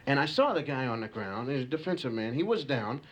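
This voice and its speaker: A man's voice: medium pitch, animated, fairly quick. Rambling male stand-up storyteller. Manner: rambling, loose, lots of asides. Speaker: stand-up comedian. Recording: hissy home tape recording.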